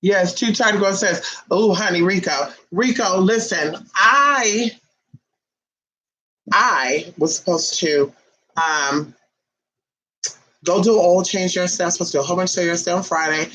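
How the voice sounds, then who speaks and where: A woman's voice: lowish voice, a little slow, pauses often, low-quality recording. A woman hosting a casual livestream, telling a rambling story full of profanity, chatting to her viewers and her pet as she reads comments. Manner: animated, profanity-laced storytelling; talks to viewers and a pet while reading comments. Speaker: livestream host.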